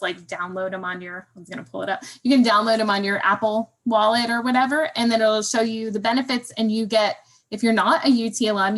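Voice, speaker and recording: A woman's voice: medium pitch, fairly bright tone, low-quality recording. A woman speaking as a museum staff guest in a casual interview, chatty, with lots of ums.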